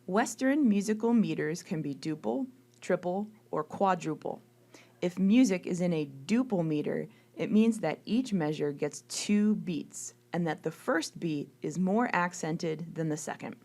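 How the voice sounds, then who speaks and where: Woman calmly narrating a music lecture. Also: lowish voice. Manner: clear, measured explanation, counting beats aloud.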